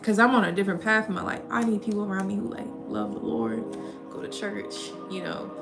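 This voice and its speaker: A young woman from Minnesota, hosting a casual livestream and telling a story in an animated, slangy way with bursts of laughter. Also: medium pitch, fast talker. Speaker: livestream host. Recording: music playing behind.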